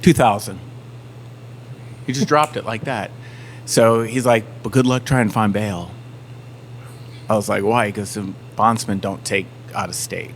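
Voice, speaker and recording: A man's voice: on the low side, unhurried, pauses often, a little hiss or hum. A man from the Southern United States, a band member telling a story on a podcast and acting out everyone's lines. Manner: animated storyteller acting out quotes.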